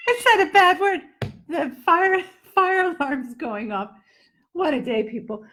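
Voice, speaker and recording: A woman's voice: sits high, lively intonation, normal speed, fairly bright tone. Playful woman teaching pronunciation. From Netherlands-based. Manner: playful, joking, exaggerated drills. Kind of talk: live online lesson. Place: home, indoors.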